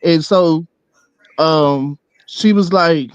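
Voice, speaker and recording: A man with a slightly high voice tells a loose, rambling story. He fills his talk with ums and restarts. The recording sounds dull and dry, as if through a cheap mic. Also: fairly even intonation, extremely slow, clear, resonant tone, no echo. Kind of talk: casual storytelling.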